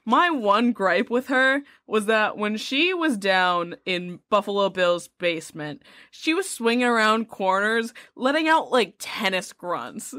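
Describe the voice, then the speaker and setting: A woman's voice: medium pitch, lively intonation, a bit bright, no echo, clean studio sound. A woman co-hosting a podcast, joking and laughing through casual chat. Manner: laughing, quick backchannels, playful jokes. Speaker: podcast co-host.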